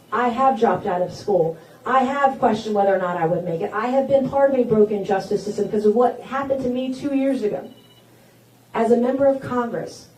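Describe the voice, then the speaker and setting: A woman's voice: a little high, a little mellow, a little hiss or hum. Folksy woman speaking in an echoey hall. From South Carolina. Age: 40s. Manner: folksy, personal storytelling that builds to rousing declarations. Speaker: politician at a campaign town hall. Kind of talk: campaign stump speech. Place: event hall with an audience. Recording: echoey hall, voice caught from a distance.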